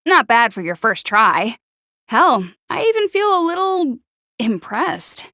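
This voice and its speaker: A woman voicing a gloomy, sharp-tongued teenage schoolgirl for a video game, with a nervous stutter and snide, sarcastic put-downs. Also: a little high, sing-song, slow pace, no room sound, studio quality, heavily acted. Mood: sneering. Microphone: close studio mic.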